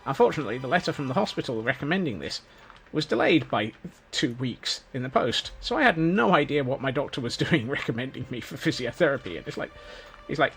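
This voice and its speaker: Scottish male streamer, gravelly and lively, rambling jokey chat over soft music. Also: mid-range voice, quick pace, hardly any pauses. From Scotland. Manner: rambling, self-mocking jokes. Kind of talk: casual gameplay commentary. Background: faint background music.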